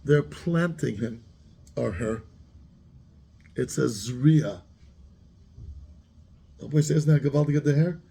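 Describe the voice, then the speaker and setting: A man's voice: medium pitch, a little slow, creaky, pauses often, dark tone, slightly rough. A man, a rabbi giving a Torah class who keeps asking his students questions and mixes Hebrew terms into his English.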